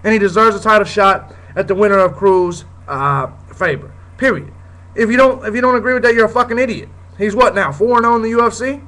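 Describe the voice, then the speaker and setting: Briskly and with a sharp tone, a high-pitched man hosting his own show delivers a heated, blunt rant, swearing often and repeating "you know what I'm saying." The recording is low quality.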